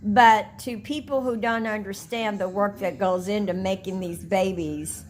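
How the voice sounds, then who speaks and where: A woman's voice: mid-range voice, steady tone, unhurried. An older woman talking casually to her viewers as a doll collector, telling rambling stories in a chatty way. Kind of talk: casual talk to camera.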